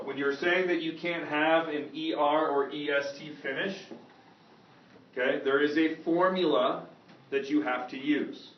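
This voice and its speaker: A man teaching a Spanish grammar lesson to a classroom and often asking if students follow. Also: mid-range voice. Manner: lively, checks understanding often. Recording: echoey classroom, far from mic, dull.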